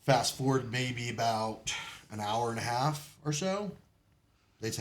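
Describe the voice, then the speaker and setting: A man's voice: mid-range voice, animated, measured pace, slight background noise. A man telling his military stories as a podcast guest, in casual storytelling style, swearing freely and laughing often between lines. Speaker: podcast guest, Marine veteran.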